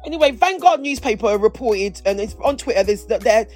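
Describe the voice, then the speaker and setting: A woman's voice: on the high side, animated, a little fast, a little mellow, soft background music. A woman co-hosting a podcast, chatting casually and rambling, with lots of restarts. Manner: rambling, restarts sentences, playful. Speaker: podcast co-host. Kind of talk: casual chat.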